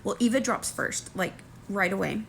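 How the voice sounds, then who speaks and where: A woman recapping a reality show in a casual vlog, animated and excitable, breaking into high squeals. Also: normal speed, vocal fry, slight background noise.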